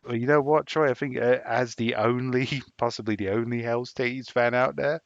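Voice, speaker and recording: A man's voice: medium pitch, steady tone, moderate pace, creaky, dry recording. An English man co-hosting a podcast, talking casually and swearing often as he fires up his listeners. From England. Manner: profane, emphatic rallying of listeners. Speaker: podcast co-host. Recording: dull, dry lo-fi sound.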